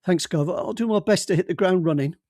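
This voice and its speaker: A man's voice: high-pitched, a little fast, warm tone, dry recording, studio quality, pitched above the performer's own voice. A man voicing a timid young male detective who is eager to please, speaking politely and hesitantly.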